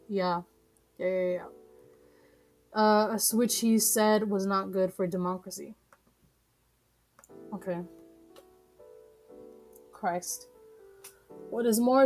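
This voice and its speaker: A woman's voice: mid-range voice, darkish tone. A young woman reading news articles aloud on a live stream, stumbling over words and breaking in with blunt, profane rants.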